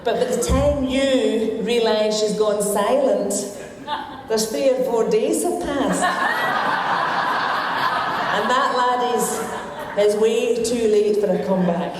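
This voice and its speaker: Slow-spoken Scottish woman in an echoey ballroom. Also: fairly high pitch. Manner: wry, joking, with Scots words. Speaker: guest speaker. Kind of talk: humorous after-dinner speech and recited poem. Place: large hotel ballroom at a formal dinner. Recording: echoey ballroom with long reverb and background noise.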